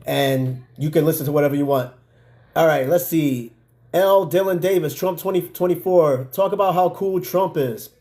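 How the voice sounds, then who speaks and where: A middle-aged man with a New York accent talks loosely to his viewers. His voice sits a touch high but sounds dark and mellow. He rambles in easy, unscripted chat and scatters fillers as he goes. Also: normal speed. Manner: loose, chatty, frequent fillers and asides to viewers. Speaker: podcast host. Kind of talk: casual live-stream chat.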